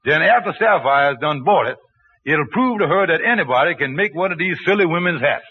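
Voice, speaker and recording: A man's voice: a little high, expressive, brisk, breathy edge. An actor playing a scheming, persuasive man who drawls with hesitations, in 1940s radio comedy style. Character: scheming smooth-talking male lodge leader. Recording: tinny scratchy old radio broadcast.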